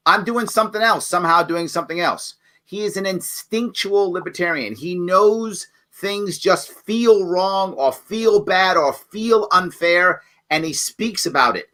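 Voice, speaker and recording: A man's voice: sits high, a little slow, pushed and bright. A man talking bluntly and emphatically as a candidate in an online question session over a video call. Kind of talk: lively campaign talk.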